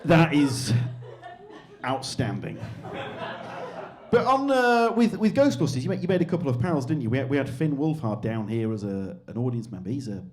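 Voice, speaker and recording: Chatty host asking questions. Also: male voice, medium pitch, sing-song, normal speed, darkish tone. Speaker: podcast host. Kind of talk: live interview. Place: live podcast venue.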